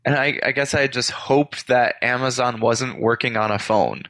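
A man's voice: mid-range voice, fairly even intonation, normal speed, a bit bright, no echo. A man hosts a podcast in easy casual chat, wandering through his points and stopping to correct himself. The sound is dry and close, with no room around it. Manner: rambling, self-correcting. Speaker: podcast host.

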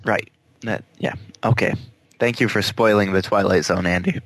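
A man's voice: on the low side, steady tone, normal speed, fairly bright tone, no echo. A man chatting casually as a podcast co-host, wry and teasing. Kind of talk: casual chat.

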